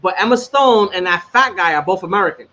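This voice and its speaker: A man co-hosting a casual chat, telling stories in a profane, animated way. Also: high voice, fast talker. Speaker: podcast co-host. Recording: slightly dull sound with faint noise.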